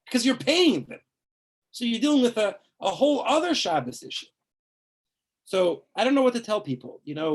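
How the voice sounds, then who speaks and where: A man, a rabbi, teaching a class on religious law in a conversational, emphatic way, full of asides and rhetorical questions. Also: high voice.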